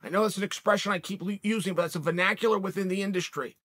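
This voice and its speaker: A man's voice: high-pitched, very fast, a bit bright. A man hosting a sports podcast, giving a casual commentary monologue with emphatic, punchy rhetorical delivery. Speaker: MMA podcast host.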